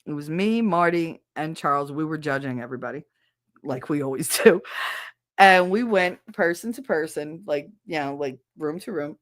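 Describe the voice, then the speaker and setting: A woman podcast host telling stories in a casual, animated way, laughing and acting out voices. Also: deep voice, moderate pace, no echo, clean studio sound. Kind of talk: casual storytelling.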